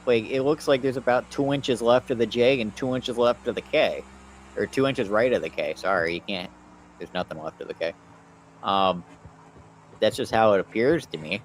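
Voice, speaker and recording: Young male streamer, lowish voice, loose rambling chat with viewers, relaxed and offhand. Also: moderate pace, slight background noise. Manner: relaxed, rambling, talks to chat while working. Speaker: livestreamer. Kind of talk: casual livestream commentary.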